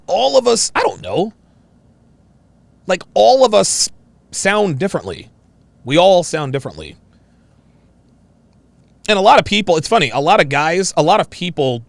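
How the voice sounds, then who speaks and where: Male stream host, distinctive voice, big high-to-low swings, gravelly edge, dry close sound. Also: fairly bright tone, dry recording. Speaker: show host reading viewer messages. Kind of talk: live-stream commentary.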